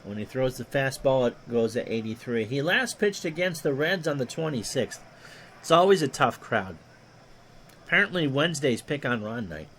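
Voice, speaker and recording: With hardly any pauses, a man with a mid-range voice does quick play-by-play for a replayed baseball game, going a little fast. He reels off stats in a steady run and jokes with chat between plays, over a little hiss or hum.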